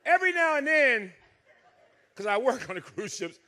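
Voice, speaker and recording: A middle-aged man from the States, doing loud, animated stand-up comedy on a cruise ship stage into a handheld mic, laughing at his own jokes. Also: very high-pitched, normal speed. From Southern United States.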